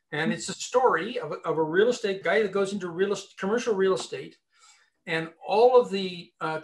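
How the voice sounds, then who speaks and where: Animated storytelling man, high voice. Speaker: recruiter and author, guest. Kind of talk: conversational interview.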